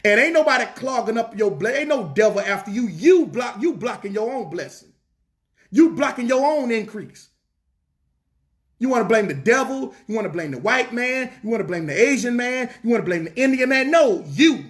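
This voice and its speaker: A man's voice: very high voice, expressive, normal speed. A man preaching a fervent sermon in a church, repeating lines and asking the congregation rhetorical questions, with a Southern US accent.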